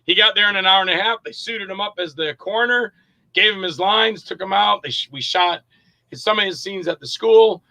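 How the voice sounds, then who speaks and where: Male actor-director guest, sharp bright tone, slightly high, loose storyteller who plays out the dialogue. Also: fairly quick, rough recording. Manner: lively storyteller who acts out other people's lines; loose and rambling, with profanity. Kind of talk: casual anecdote-telling in an interview.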